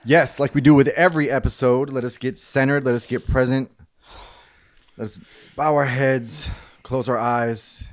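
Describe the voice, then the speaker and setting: A man's voice: medium pitch, fairly even intonation, normal speed. Joking podcast co-host, man. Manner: teasing, joking, then solemn when leading a moment of silence. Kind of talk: casual podcast chat.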